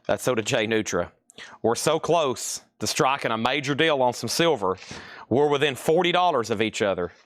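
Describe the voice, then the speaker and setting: Man, live sale host, chatty and teasing, mid-pitched voice, dry close sound. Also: lively intonation, no room sound. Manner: chatty, teasing, reading prices quickly. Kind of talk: casual live-stream selling. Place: store.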